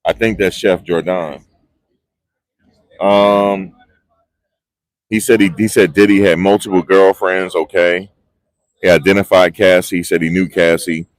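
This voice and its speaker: A man reports live from the street into a phone on a gimbal. His fairly low voice sounds close and dry. He rambles excitedly and keeps losing his train of thought. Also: unhurried, pauses often, no echo. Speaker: vlogger reporting on a trial. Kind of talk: live casual street commentary. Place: outdoors outside a courthouse. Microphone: phone on a handheld gimbal.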